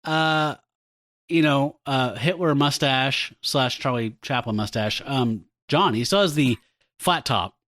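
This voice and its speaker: A man's voice: medium pitch, slow, a bit bright, no echo, clean studio sound. A man co-hosting a casual comic book podcast, recapping panels in a chatty way and laughing often. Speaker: podcast co-host.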